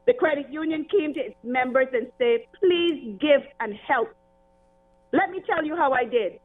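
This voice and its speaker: A woman caller making an impassioned, repetitive complaint over the phone, upset and pleading. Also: high voice. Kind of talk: irate call-in complaint. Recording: tinny phone line.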